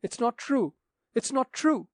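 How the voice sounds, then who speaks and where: A man's voice: on the high side, brisk, vocal fry, darkish tone, no echo, clean studio sound. A man voicing a distraught young woman, an heiress, who pleads and argues in agitation. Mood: agitated.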